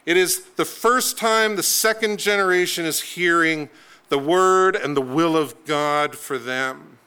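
A male preacher delivering a sermon in a fairly high voice that is forceful and crisply clear. He tells the story dramatically, pressing hard on key words and shifting his pace for effect. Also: a little slow.

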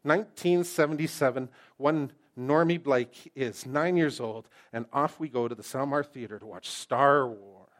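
A middle-aged man preaching a sermon as pastor, lively and joking, swinging from loud emphasis to quiet, intense passages. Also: medium pitch, normal speed, few pauses.

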